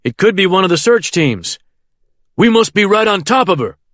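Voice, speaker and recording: Tense calm pilot guy, read by a man, clipped and taut, dry mic. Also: high-pitched, normal speed, no room sound, pitched above the performer's own voice. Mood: worried. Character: steady male helicopter pilot, tense but controlled.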